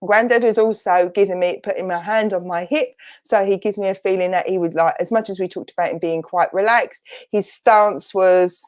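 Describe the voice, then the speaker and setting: A woman's voice: mid-range voice, steady tone, moderate pace, hardly any pauses, darkish tone. A woman with an Essex accent, a spiritualist medium giving a chatty spirit reading in an online church service, thinking aloud as she relays messages.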